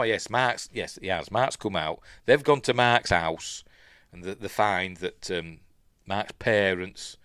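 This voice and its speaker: A man's voice: deep voice, a bit bright, dry recording. A middle-aged man with a Yorkshire accent, casually talking through a film scene by scene, rambling with chuckles and lots of ums. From Yorkshire, England. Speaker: film reviewer.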